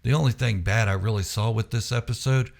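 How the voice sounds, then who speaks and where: A man's voice: on the low side, a little fast, vocal fry, a little mellow. A man hosting his own channel, talking through an episode review in a chatty, casual way with self-correcting asides. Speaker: YouTube channel host.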